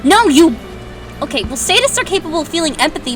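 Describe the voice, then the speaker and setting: A woman's voice: high voice, sing-song, fast talker. A young woman reading a fan story aloud and mocking it with sarcastic, swearing asides. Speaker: host reading fanfiction aloud. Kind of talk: comedic dramatic reading with commentary. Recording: distant mic, music behind.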